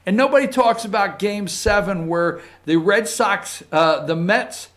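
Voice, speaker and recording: Man, talk show host, slow rambling delivery, slightly high voice, emphatic bursts. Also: fairly bright tone. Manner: rambling, emphatic, emotional outbursts. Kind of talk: casual opinion talk.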